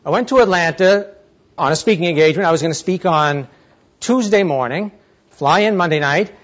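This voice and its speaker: A man giving a motivational talk to a live audience, telling a story in a chatty, animated way. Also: a little high, fairly quick. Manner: animated, chatty, acts out dialogue. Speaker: motivational speaker. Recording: dull lo-fi recording.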